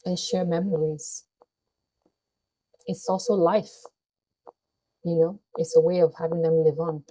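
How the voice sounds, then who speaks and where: A woman's voice: fairly low pitch, fairly even intonation, unhurried, mellow, low-quality recording. A woman vlogger speaking to her viewers in a heartfelt, earnest way. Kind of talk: personal talk to camera.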